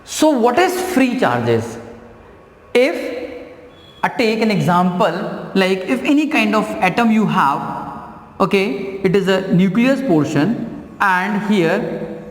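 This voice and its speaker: A man teaching a science lesson, explaining slowly and repeating key phrases. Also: sits high, sing-song. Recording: echoey room with long reverb.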